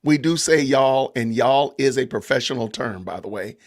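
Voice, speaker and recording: A man's voice: medium pitch, moderate pace. A man with a Southern Georgia accent hosting a casual livestream podcast, chatting loosely with viewers and greeting the chat. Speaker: podcast host.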